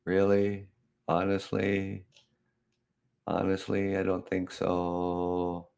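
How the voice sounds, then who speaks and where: A man's voice: deep voice, completely flat delivery, drawn-out words, vocal fry, a little mellow. A man in his fifties from Canada, hosting a casual live podcast, often chuckling and sounding exasperated, rambling with restarts. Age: 50s. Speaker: podcast host. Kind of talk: casual live-show talk.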